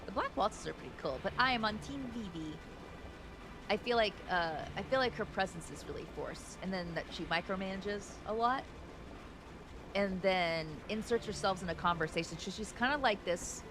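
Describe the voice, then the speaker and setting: A woman's voice: medium pitch, lively intonation, normal speed, noisy background. A woman chatting casually with her livestream viewers while she plays, greeting them by name. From United States. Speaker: streamer. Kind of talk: casual gaming livestream chat.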